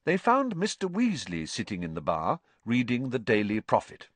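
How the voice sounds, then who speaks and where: A man narrates a storybook in a vividly expressive reading. His pitch rises and falls dramatically from phrase to phrase. The recording is close and completely dry. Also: normal speed, breathy edge, no room sound. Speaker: audiobook narrator.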